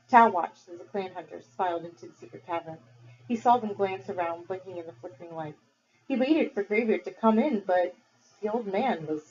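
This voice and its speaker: A woman teacher reading a novel aloud to her class, measured and expressive. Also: on the low side. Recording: dull lo-fi recording.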